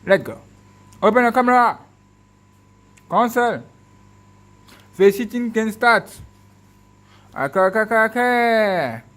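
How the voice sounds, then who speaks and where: Excitable man whooping at a phone demo. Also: high-pitched. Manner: speaks in short repeated commands. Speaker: tech video host.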